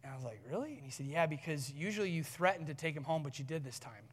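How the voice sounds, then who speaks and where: A man preaching as a pastor, telling a story from his own family life with earnest warmth and laughing at himself. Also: on the high side, animated, fast talker, breathy edge. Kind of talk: sermon with personal story. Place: large church hall. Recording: long church hall reverb.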